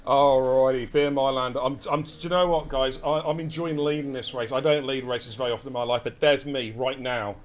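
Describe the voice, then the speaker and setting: A man with an English accent giving lively, chatty live commentary on an esports race and talking to his chat as he goes. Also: medium pitch, a little fast, few pauses, slight background noise. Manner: energetic, chatty, addresses chat directly.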